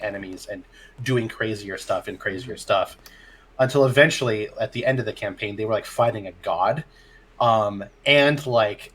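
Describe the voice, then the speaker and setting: A man's voice: medium pitch, a bit bright. A man, a dungeon master, telling a tabletop game story in casual chat, acting out his players' lines and laughing often.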